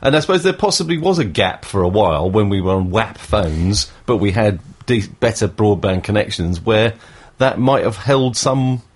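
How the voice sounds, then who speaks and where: A man's voice: lowish voice, animated, normal speed, few pauses, husky. A man with a southern English accent co-hosting a podcast, chatting casually and laughing at himself. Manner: laughing and self-mocking. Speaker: podcast co-host. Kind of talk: casual chat.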